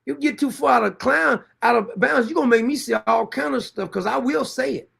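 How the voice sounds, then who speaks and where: A man's voice: very high-pitched, a little fast, gravelly, a bit bright, slightly rough. A middle-aged man, hosting a livestream and bluntly scolding commenters in a confrontational, repetitive way. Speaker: show host.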